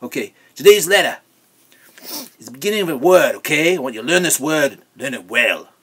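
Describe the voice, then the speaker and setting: A man's voice: a little high, lively intonation, fairly quick, fairly bright tone, husky, no echo. A man playing a rambling, preachy vegan kids TV host who talks down to children and repeats his words, with music underneath. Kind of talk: comedic kids-show parody.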